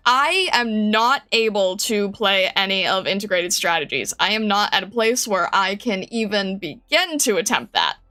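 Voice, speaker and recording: Chatting casually with viewers on a live stream, a woman talks in a medium-pitched voice with a sharp tone. She rambles, restarting often, and giggles a lot.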